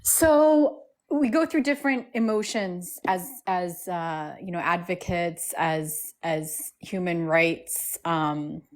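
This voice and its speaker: A woman's voice: on the low side, slow. An American woman calling in to a live stream, speaking angrily and emphatically, repeating phrases for force. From United States. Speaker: caller. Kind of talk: impassioned call-in speech.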